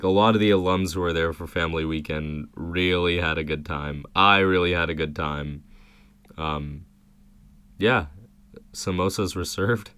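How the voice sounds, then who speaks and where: A young man co-hosting a podcast, relaxed and agreeable in casual chat. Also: sits low, clear, resonant tone, no echo. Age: young adult. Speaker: podcast co-host.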